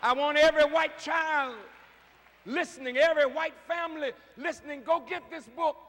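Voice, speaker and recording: A man, a minister, delivering a fiery sermon to a large crowd. He swings from shouting down to hushed storytelling. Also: very high voice, steady tone, normal speed. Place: large indoor arena. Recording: long reverb of a large arena.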